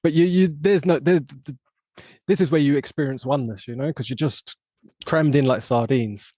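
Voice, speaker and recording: A man's voice: mid-range voice, moderate pace, dark tone, no echo. An English man hosting a podcast, talking through his ideas at length in a casual, reflective conversation. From England. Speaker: podcast host.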